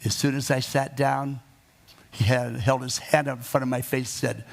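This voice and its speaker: A man's voice: mid-range voice, little pitch movement, moderate pace, vocal fry. A man telling his own story as a monologue, dramatic, confessional and self-mocking. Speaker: card magician telling his life story.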